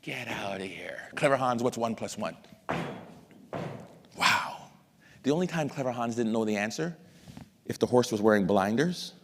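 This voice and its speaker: A middle-aged man presenting at an education masterclass, who addresses the audience directly and acts out examples in a lively lecture. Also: medium pitch. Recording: long hall reverb.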